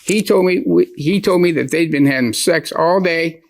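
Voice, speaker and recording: Gravelly man, rambling and repetitive. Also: on the high side, moderate pace. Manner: rambling, repeats himself, stumbles over words. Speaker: plaintiff. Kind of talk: courtroom testimony.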